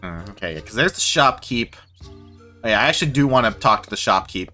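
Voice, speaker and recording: Chatty, lively streamer man. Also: mid-range voice, brisk, soft background music. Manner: rambling, self-deprecating, swears, laughs often. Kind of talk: casual game commentary.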